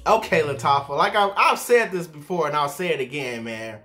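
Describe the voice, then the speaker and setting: A man's voice: fairly high pitch, lively intonation, brisk, sharp tone, soft background music. A man reviewing fragrances in a casual video, laid back and chatty, often tagging his lines with "man" and "y'all".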